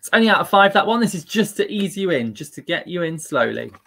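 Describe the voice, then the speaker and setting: A man's voice: high-pitched, big pitch swings, fast talker, gravelly, pushed and bright. A man hosting a live-streamed quiz, upbeat and chatty and laughing at himself. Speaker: quiz host.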